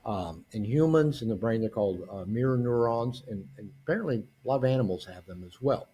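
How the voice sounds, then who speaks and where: Lively, husky-voiced male guest expert. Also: medium pitch, brisk. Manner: animated, acts out quoted dialogue, frequent restarts. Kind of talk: conversational interview.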